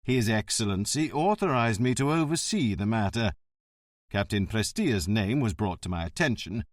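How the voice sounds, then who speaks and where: A man's voice: on the low side, animated, moderate pace, no echo, clean studio sound, close to an everyday voice. A man voicing a polite, officious middle-aged government official explaining himself at length.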